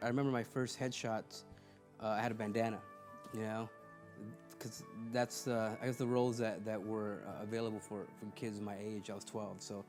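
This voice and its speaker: A man's voice: lowish voice, level tone, normal speed, darkish tone, soft background music. A man in a documentary interview talking reflectively, with some hesitation.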